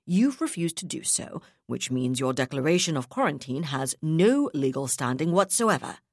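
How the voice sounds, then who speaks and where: A woman voicing an unflinching male naval captain who speaks calmly, firmly and in measured terms. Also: deep voice, dry recording, studio quality, exaggerated voice. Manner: calm, firm, measured.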